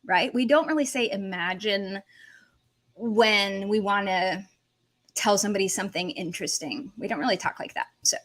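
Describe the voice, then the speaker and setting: A woman teaching a language lesson on a livestream, animated, switching between languages as she explains. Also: mid-range voice, normal speed. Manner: animated, switches between English, Russian and Portuguese.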